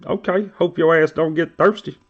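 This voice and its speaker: A man putting on the voice of a petty, sulking grown man friend, high and whining. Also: steady tone, normal speed, muffled recording, lightly acted. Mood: whiny.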